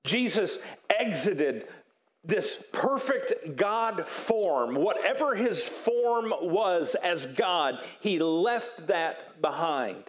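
This pastor has a high, animated voice and preaches in an earnest, emphatic style full of dramatic pauses. His tone turns soft when he voices quoted apologies.

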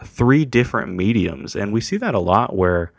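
A man with a fairly low voice hosts a podcast in an easygoing way. He asks questions and builds on them conversationally. The sound is dry and close. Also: expressive, normal speed, gravelly, dry recording. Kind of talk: casual conversation.

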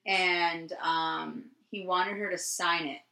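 A woman from New Jersey co-hosting a podcast, telling a story in casual chat, rambling and profane with many ums and quick laughs. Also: lowish voice, steady tone, creaky, sharp tone. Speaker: podcast co-host. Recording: roomy echo.

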